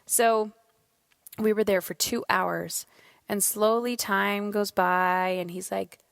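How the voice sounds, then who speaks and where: A woman in her thirties hosting a podcast, telling a story in a candid, animated way and swearing freely. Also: mid-range voice, slow pace, creaky, dry recording, studio quality. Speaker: podcast host. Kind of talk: casual solo monologue.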